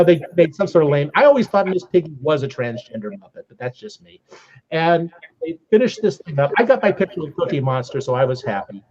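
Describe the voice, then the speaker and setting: Older man telling a lively convention story. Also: a little high. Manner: animated anecdotal telling with laughs. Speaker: podcast guest. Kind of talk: casual storytelling. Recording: slightly dull lo-fi sound.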